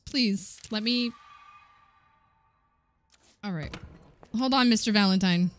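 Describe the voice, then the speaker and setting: A young woman giving excitable, swearing let's-play commentary on a horror game, laughing often and chatting with her viewers. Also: medium pitch, slow pace, long pauses, faint music behind. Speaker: gaming streamer.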